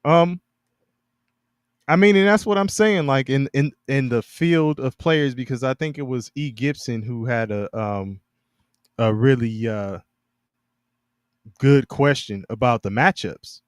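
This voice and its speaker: Male sports podcast co-host: halting, restart-heavy delivery, laughs often, dry close mic. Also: medium pitch, smooth, no echo. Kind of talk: casual sports chat.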